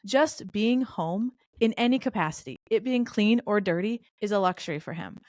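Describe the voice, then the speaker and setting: A woman's voice: medium pitch, animated, moderate pace, a little mellow, no echo, clean studio sound. A middle-aged woman as a podcast guest, telling candid stories full of quoted dialogue in a conversational way. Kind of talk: conversational interview storytelling.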